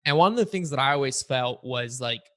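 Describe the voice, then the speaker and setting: A man's voice: mid-range voice, expressive, brisk, a bit bright. A man who grew up between the US and Bulgaria, hosting an interview in a searching, casual way full of "like" and "you know". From United States and Bulgaria. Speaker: podcast host.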